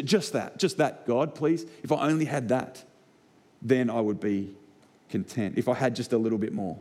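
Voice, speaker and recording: A man's voice: mid-range voice, a little mellow. A man with an Australian accent preaching a sermon to a congregation, telling personal stories and building points through repeated rhetorical lines. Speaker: pastor. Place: church hall before a congregation.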